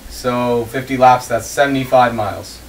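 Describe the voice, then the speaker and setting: A man's voice: mid-range voice, moderate pace. A man hosting and commentating an online sim race, reading the starting grid and bantering with his co-commentators. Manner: reads grid lines in a steady list, joking banter. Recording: distant mic with faint room noise.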